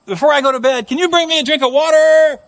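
A man's voice: very high voice, fast talker, pitched above the performer's own voice. A man playing a small boy who keeps pleading for a drink of water at bedtime. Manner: pleading, insistent.

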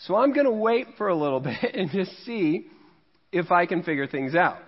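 A fairly high-voiced pastor from Missouri, preaching in a casual, joking way and poking fun at himself. His voice rings with a long reverb through the church, and the recording sounds muffled and dull. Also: expressive, normal speed, husky. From Missouri, USA. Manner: jokey, conversational, laughs at himself. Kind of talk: sermon with humorous storytelling. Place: church sanctuary.

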